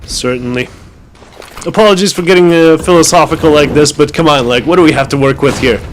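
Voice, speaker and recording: A man's voice: a little high, fairly quick. A man calling a shooter match, wry and rambling, with lots of filler words. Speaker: esports caster. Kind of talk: play-by-play commentary. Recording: faint background noise.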